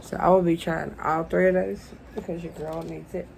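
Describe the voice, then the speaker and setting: A woman's voice: on the low side, level tone, moderate pace, creaky, a little mellow, slight background noise, rough recording. A young woman unboxing beauty products in a casual vlog, gushing and emotional and calling her viewers "y'all". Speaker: beauty vlogger.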